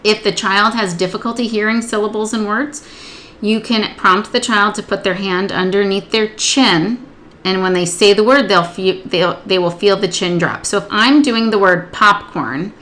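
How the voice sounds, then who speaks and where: A woman's voice: mid-range voice, a bit bright, a little hiss or hum. Patient woman demonstrating a literacy lesson. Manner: patient, explains step by step, slows to sound out words. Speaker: literacy tutor. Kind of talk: instructional demonstration.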